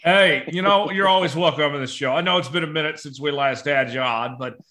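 Bright-voiced male podcast host. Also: fairly high pitch. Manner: warm praise, halting with many uh fillers. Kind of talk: casual podcast interview.

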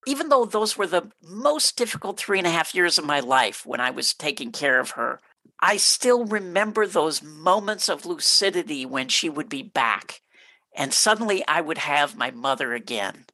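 A man's voice: fairly high pitch, sing-song, normal speed, pushed and bright, no echo, low-quality recording. A middle-aged man telling a personal story in a plain, reflective way. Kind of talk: personal story told on stage.

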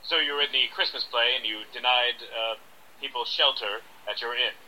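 A man's voice: mid-range voice, fairly even intonation, sharp tone, poor audio. A man playing a pompous, scamming acting coach in an improvised radio sketch, smug and lecturing. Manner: smug, lecturing, drawn-out emphasis.

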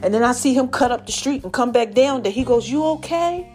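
Over faint music, a woman hosting a podcast shares a personal story at a quick pace in a somewhat high voice. Conversational and emotional, she animatedly mimics the voices of her relatives and ends with encouragement in a preacherly style.

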